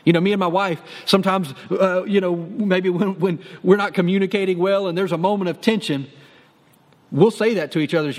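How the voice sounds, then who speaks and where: High-voiced man preaching with a long reverb. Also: fairly even intonation, a little fast. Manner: earnest encouraging preaching, repeats key phrases. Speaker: pastor. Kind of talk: sermon.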